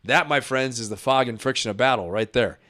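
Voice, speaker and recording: A man's voice: mid-range voice, a little fast, fairly bright tone, a little hiss or hum. Chatty man laughing through a live reaction stream. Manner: chatty, laughs often, talks to chat viewers. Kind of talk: casual reaction commentary.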